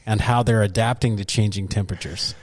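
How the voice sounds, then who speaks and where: A man co-hosting a podcast in casual chat, playful and quick to laugh, reading out news items. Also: fairly low pitch, fairly even intonation, darkish tone. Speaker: podcast co-host.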